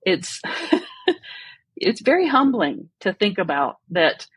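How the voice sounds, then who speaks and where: A woman guest tells her story in an earnest, reflective way. Her voice has a slightly husky edge. The recording is dry and close to the mic. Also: medium pitch, big pitch swings, slow, no room sound. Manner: earnest and reflective, laughs often. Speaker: podcast guest. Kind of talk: personal story in an interview.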